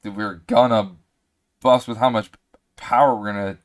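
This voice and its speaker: A man's voice: on the low side, fairly even intonation, normal speed. A man talking to himself as he plays a computer game, rambling and hiccuping now and then. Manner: rambling, self-talking, hiccuping through the session. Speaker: gaming streamer. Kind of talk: casual gameplay commentary.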